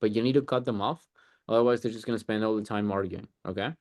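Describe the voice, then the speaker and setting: A man's voice: lowish voice, fast, darkish tone, dry recording, clean studio sound. Blunt, emphatic male sales coach. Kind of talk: group coaching call.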